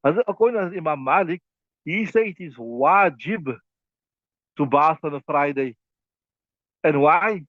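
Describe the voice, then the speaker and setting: A man's voice: a little high, expressive, measured pace, pauses often, no echo. A man teaching a class on an Islamic legal text, explaining it step by step and often checking "right?" with his students. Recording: thin phone-like dry recording.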